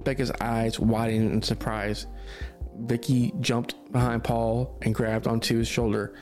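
Male storyteller, mid pitch, steady reading, soft music bed. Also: measured pace. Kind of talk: podcast story narration.

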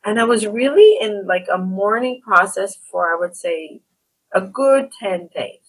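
Female host, husky voice, earnest and animated in conversation. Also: medium pitch, moderate pace, low-quality recording. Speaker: podcast host. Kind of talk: conversational interview.

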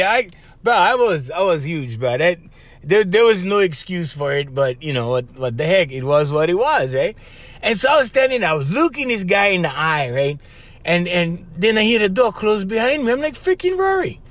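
A man's voice: sits high, normal speed, no room sound. A man with a Hawaiian Pidgin-tinged accent, hosting a podcast and telling stories in a loose, chatty way, often tossing in "bro" and "right?" and chuckling. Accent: Hawaiian Pidgin-tinged English. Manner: animated, chatty, keeps saying "bro" and "right?", laughs between lines. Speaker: podcast host. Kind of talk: casual storytelling monologue.

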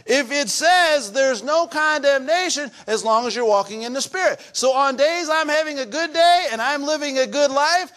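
Male pastor, very high voice, earnest sermon delivery that swells into emphatic bursts. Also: a bit bright. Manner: earnest, repetitive, building to emphatic outbursts. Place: church.

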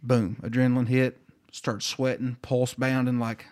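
A man, a flight nurse telling a story on a podcast and acting out the dialogue with lively energy. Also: medium pitch, moderate pace.

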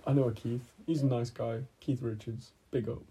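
A man's voice: mid-range voice, steady tone, moderate pace, mellow, a little hiss or hum, low-quality recording. A young man, co-hosting a podcast in crude, joking casual chat and laughing often. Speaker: podcast co-host.

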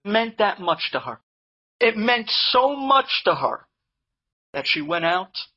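A man telling an inspirational story to a live audience in an animated way, with Hebrew and Yiddish terms mixed in. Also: high voice, slow pace, highs cut off. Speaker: Torah speaker telling inspirational stories.

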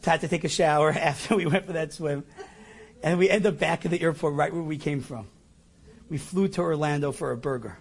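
A middle-aged man telling a personal anecdote, animated and self-mocking, acting out his own lines. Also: a little high, brisk, a little hiss or hum. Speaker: storyteller. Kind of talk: personal anecdote told to an audience.

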